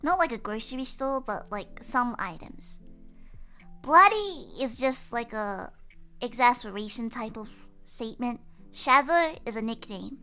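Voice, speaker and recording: High, bright bubbly woman streamer. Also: lively intonation, measured pace, faint music behind. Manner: bubbly, giggly, playful. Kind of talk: livestream chat explaining slang.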